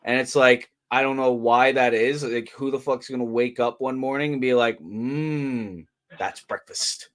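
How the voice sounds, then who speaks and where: A man's voice: medium pitch, level tone, normal speed, few pauses, fairly bright tone. A man hosting a casual wrestling watch-along, chatting, laughing easily and sharing trivia. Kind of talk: casual chat.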